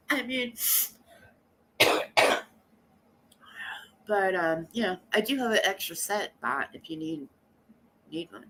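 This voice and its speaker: A woman hosting a casual livestream, chatting in a rambling, blunt and animated way and greeting viewers by name. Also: medium pitch, moderate pace, pauses often. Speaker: livestream host.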